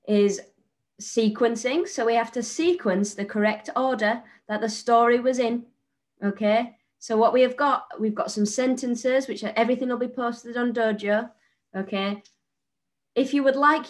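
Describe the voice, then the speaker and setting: A female primary teacher with a British accent records a lesson for young children. She speaks clearly and patiently, at a middling pitch, and keeps checking that they follow along. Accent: British English. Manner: clear, patient and encouraging, often checking with "okay?".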